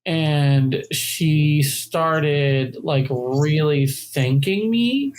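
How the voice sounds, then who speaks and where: A player in a storytelling game who asks the prompts and then speaks in a measured, unhurried way. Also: mid-range voice, darkish tone, a little hiss or hum, low-quality recording. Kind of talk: in-character storytelling game talk.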